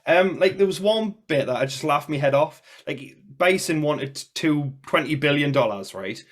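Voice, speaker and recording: Male podcast co-host, slightly higher voice, rambling and filler-heavy. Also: animated, moderate pace. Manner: rambling, restarts, uses filler words. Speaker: co-host reviewing a film. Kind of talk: casual chat.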